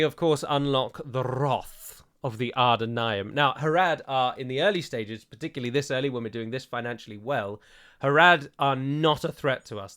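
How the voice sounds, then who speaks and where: A man's voice: mid-range voice, fairly bright tone, smooth. A man playing a strategy game and commenting as he goes, chatty and thinking aloud with frequent digressions. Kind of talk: let's play commentary.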